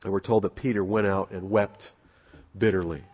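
A man's voice: low voice, steady tone, moderate pace, darkish tone, slightly rough. A man preaching a sermon in an earnest way, repeating key phrases for emphasis. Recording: long echoing hall reverb.

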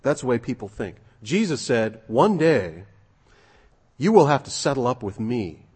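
Husky, animated preacher in an echoing hall. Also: male voice, medium pitch, unhurried. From United States. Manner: animated, emphatic, conversational preaching. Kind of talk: sermon. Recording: long reverb of a large hall.

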